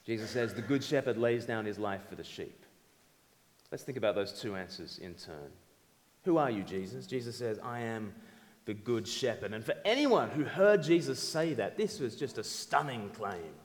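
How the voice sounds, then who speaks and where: A man preaching a sermon in a lively, conversational way, asking the audience questions. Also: lowish voice, moderate pace. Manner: animated, conversational, audience-engaging. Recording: reverberant hall.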